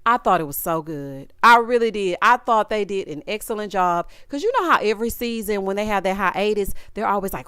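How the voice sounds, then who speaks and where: A woman's voice: mid-range voice, animated, a little fast, few pauses, a bit bright, clear, resonant tone, no echo, studio quality. A woman hosting a casual reality TV recap, talking sassy and slangy with dramatic asides to her viewers.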